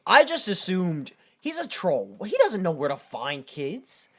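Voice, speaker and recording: Wry podcast guy with lively intonation. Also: high-pitched, measured pace. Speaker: podcast co-host. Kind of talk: casual comedic movie discussion.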